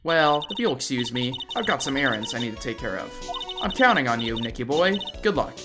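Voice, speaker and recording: A man's voice: mid-range voice, big pitch swings, brisk, over music, natural voice. A man voicing a flirty, doting middle-aged wife in a video game, talking coy and sing-song.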